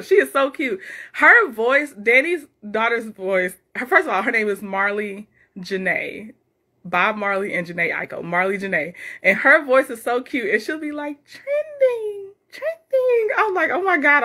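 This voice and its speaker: On her casual live stream, a woman with a fairly high voice reads viewers' comments out loud. Her reactions are full of animated chat and plenty of laughter.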